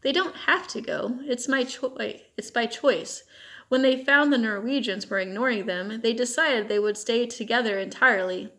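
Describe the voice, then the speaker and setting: A woman's voice: fairly high pitch, normal speed, sharp tone. A woman reading as a pleading captive soldier. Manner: pleading, insistent. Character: desperate young male Polish soldier captive.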